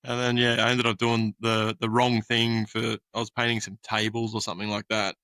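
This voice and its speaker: A man's voice: on the low side, flat delivery, a little fast, sharp tone, smooth, dry recording. A man in his thirties with an Australian accent, hosting a casual podcast chat and telling stories with lots of swearing. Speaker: podcast host.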